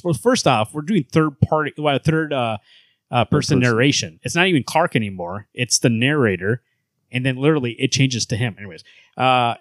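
Male podcast co-host, profane casual comic talk, dry close mic, mid pitch. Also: brisk, no echo. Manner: profane, reads and acts out comic dialogue. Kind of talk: casual comic book review chat.

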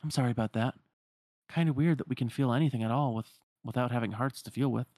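A man voicing a gentle, apologetic teenage girl in a raised, lilting voice for a fan retelling of a game story. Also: medium pitch, fast, dry recording, studio quality, natural voice.

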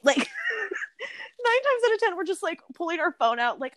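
A woman's voice: fairly high pitch, big pitch swings, normal speed, no room sound. A young woman co-hosting a podcast, chatting casually with lots of fillers and laughter. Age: young adult. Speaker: podcast co-host. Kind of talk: casual chat.

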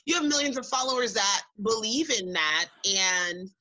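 A woman co-hosting a podcast in casual chat, emphatic, leaning on slow, drawn-out stresses. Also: mid-range voice, lively intonation, bright, forceful tone, dull audio. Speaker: podcast co-host.

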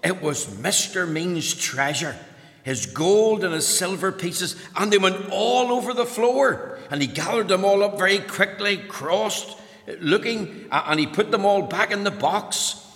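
A man telling a story to children, lively and asking them questions as he goes. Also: high-pitched, a little slow. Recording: long hall reverb.

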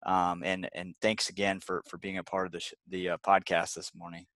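Hesitant low-voiced male co-host. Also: level tone, a bit bright, no room sound. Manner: hesitant, halting, many repeated words. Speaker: podcast co-host. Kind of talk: casual podcast interview.

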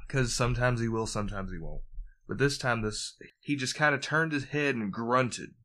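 Guy guesting on a podcast, bright sharp voice, tells stories and swears a bunch. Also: medium pitch, moderate pace. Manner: storytelling, swears freely. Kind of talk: casual podcast chat.

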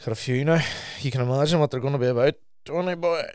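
A man's voice: mid-range voice, quick pace, clear, resonant tone, no echo, clean studio sound. A young man, chatting as a podcast co-host and telling stories animatedly, with a lot of swearing. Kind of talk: casual chat.

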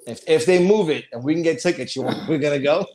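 A man's voice: on the high side, fast talker, darkish tone. A middle-aged man in casual chat as a podcast co-host, profane and emphatic, stating strong opinions.

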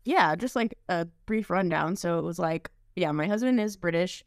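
A young American woman guesting on a podcast, telling stories in a lively, laughing way. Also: lowish voice, moderate pace, dry recording, clean studio sound. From United States. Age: young adult. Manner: lively storyteller who laughs through her anecdotes. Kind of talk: casual podcast chat.

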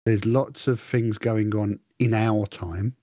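A man co-hosting a podcast, his voice a little husky and breathy. He rambles through his thoughts in casual chat, poking fun at himself and acting out what went through his head. The sound is dry and close. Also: fairly low pitch, steady tone, slow pace, warm tone, dry recording. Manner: rambling, self-mocking, acts out his own thoughts. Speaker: podcast co-host.

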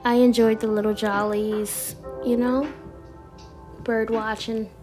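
A vlogger reads affirmation cards slowly and deliberately in a fairly high voice with little pitch movement, music playing behind her. She keeps it laid-back, laughing often and tossing in slangy asides.

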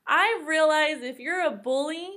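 This woman is a podcast guest who talks in earnest, heartfelt stretches. Her voice sits high for a woman. She sounds sincere and casual, like she is chatting with a friend. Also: unhurried, pushed and bright.

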